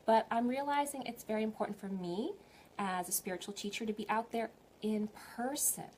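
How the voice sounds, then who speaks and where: A woman spiritual teacher giving a live online talk, gentle and encouraging, often putting questions to her viewers. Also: a little high, fairly quick, a little hiss or hum.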